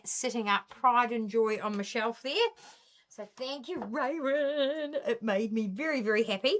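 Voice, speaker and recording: A middle-aged woman with a New Zealand accent, hosting a casual craft live stream and greeting viewers one by one by name. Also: on the high side.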